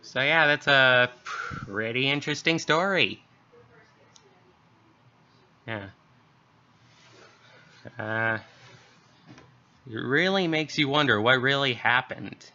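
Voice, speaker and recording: A man's voice: mid-range voice, slow pace, long pauses, sharp tone. A man hosting a channel and reading a creepy story, then chatting casually with fillers. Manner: rambling, filler-heavy chatter. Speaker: story reader, channel host. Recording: dull lo-fi recording.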